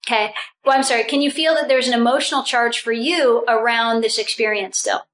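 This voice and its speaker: High-voiced, animated woman spiritual teacher. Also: brisk, poor audio. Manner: animated and laughing often, restarts phrases. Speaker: spiritual group facilitator. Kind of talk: guided spiritual group session.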